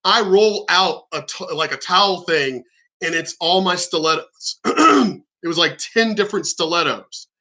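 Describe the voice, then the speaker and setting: Brash, bright-voiced man ranting. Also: sits high, lively intonation, measured pace. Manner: profane, blunt, combative. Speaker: vlogger. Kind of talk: ranting storytelling monologue.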